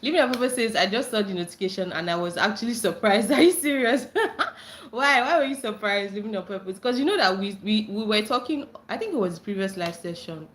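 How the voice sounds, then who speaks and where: A young Nigerian woman hosting a casual livestream, reading chat comments aloud and breaking into excited squeals when friends join. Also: fairly quick. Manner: bubbly, bursts into high squeals greeting friends.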